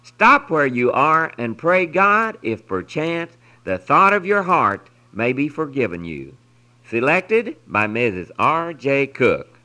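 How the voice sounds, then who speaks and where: Brief: male devotional reader, lively pitch, slow earnest delivery. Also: low-quality recording. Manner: earnest, expressive storytelling with solemn pauses. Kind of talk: reading a devotional story aloud.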